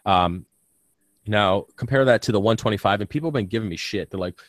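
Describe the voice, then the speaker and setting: Hosting a reef aquarium channel live stream, a man with a very low voice chats loosely and briskly, loaded with ums and uhs and casual swearing. A bitten tongue leaves him with a slight lisp. The audio is close and dry, with no room echo.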